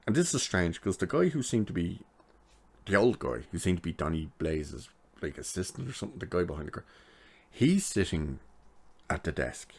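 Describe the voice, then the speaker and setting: A man's voice: low voice, big pitch swings, normal speed, breathy edge. A man giving a chatty, sarcastic recap of a TV episode, laughing at his own jokes. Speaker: TV episode reviewer.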